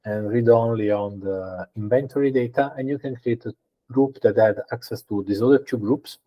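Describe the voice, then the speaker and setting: A man's voice: medium pitch, normal speed, highs cut off. A man answering as a guest in a podcast interview, explaining things conversationally and thinking aloud with frequent fillers and restarts. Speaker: guest data engineer.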